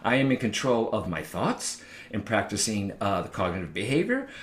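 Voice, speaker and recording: A man's voice: fairly low pitch, big pitch swings, normal speed, echoey room. A man, a psychic medium, talking casually to viewers and often checking in with "all right?". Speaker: psychic medium giving advice. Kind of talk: casual direct-to-camera talk.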